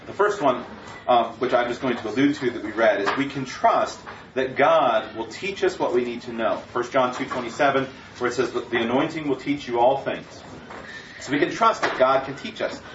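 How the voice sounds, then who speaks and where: A man preaching a sermon with earnest emphasis, reading scripture aloud. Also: mid-range voice. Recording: far-off, echoey, dull, noisy room recording.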